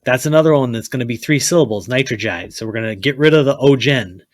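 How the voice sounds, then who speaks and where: A man's voice: medium pitch, quick pace, dry recording. A man teaching a chemistry lesson, blunt and repetitive, often checking with "okay?" and telling students to write things down. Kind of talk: classroom lecture.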